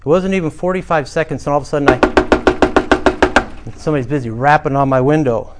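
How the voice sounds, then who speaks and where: A man's voice: medium pitch, fast talker, faint music behind. Earnest middle-aged male pastor preaching. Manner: earnest storytelling with emphatic swells. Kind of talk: sermon.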